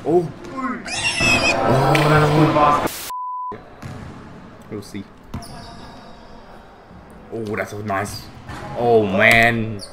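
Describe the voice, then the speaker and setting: Excitable young man, noisy background. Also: on the high side, drawn-out words, pauses often. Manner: excitable, swears a lot, bursts of shouting. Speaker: vlogger reacting to basketball footage. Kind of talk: casual reaction commentary.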